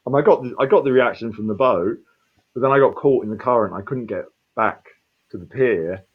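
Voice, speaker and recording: A man in his fifties, a street performer, telling a rambling, animated story and swearing freely. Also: medium pitch, brisk, slightly rough, phone-quality sound. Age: 50s. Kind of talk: casual storytelling.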